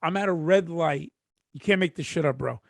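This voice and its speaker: A laid-back man tells a story in loose, profane podcast banter. His voice sits slightly high, and the sound is close and dry. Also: normal speed, creaky, dry recording. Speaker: podcast co-host. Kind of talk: casual chat.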